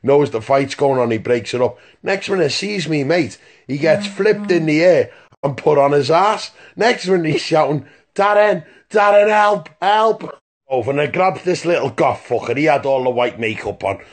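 A man's voice: on the high side, animated, moderate pace. A man telling a rambling, profane story in a phone voice message, stopping often to ask "right?". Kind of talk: casual voice-note anecdote.

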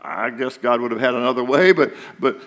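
Male pastor, sermon, conversational preaching, rhetorical questions, mid pitch, long church hall reverb. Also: a little fast, fairly bright tone. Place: church sanctuary.

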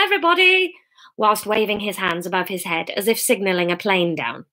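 Woman, author reading aloud, home live stream, lively storyteller, chatty asides. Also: medium pitch. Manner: lively storyteller, laughs at her own slips. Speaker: author reading her own book.

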